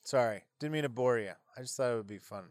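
A man's voice: medium pitch, fast talker, no echo, clean studio sound. A man co-hosting a podcast, chatting casually and joking around, sometimes reading old rules aloud. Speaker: podcast co-host. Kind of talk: casual comedic chat.

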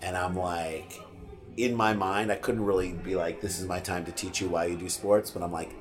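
A middle-aged man, a podcast guest, telling a personal story in casual chat, animated and swearing freely, acting out what people said. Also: low-pitched, normal speed, soft background music.

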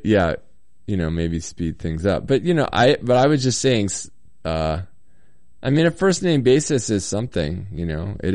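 A man's voice: lowish voice, a little mellow, no room sound, studio quality. A man hosting a casual solo talk show from a hotel room, reading listener comments with a slight cold, rambling with lots of ums and little chuckles.

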